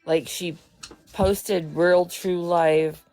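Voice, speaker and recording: A woman's voice: on the low side, fairly even intonation, extremely slow, darkish tone. A woman on a live stream asking careful, polite questions.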